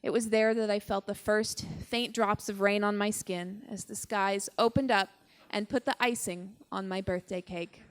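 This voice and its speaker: A young woman performing a personal story on stage at a live show, with a wry, deadpan delivery and dramatic pauses. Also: mid-range voice, smooth.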